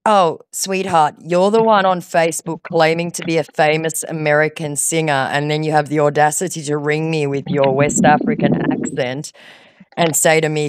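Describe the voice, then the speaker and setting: A woman's voice: deep voice, steady tone, moderate pace, clean tone. A woman baiting a scammer on a phone call, sarcastic and patronizing, scolding him. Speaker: scam baiter.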